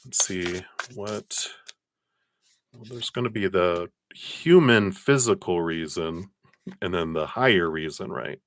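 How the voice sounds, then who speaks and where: Deep-voiced man giving gentle tarot advice. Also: takes it slowly, slight background noise. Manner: gentle, encouraging, spiritual advice. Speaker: tarot card reader. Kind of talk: live-stream card reading.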